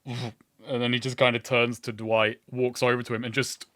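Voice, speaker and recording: Man at a tabletop game, bright voice, crude, animated, laughing. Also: medium pitch, normal speed, no room sound, studio quality. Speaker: player.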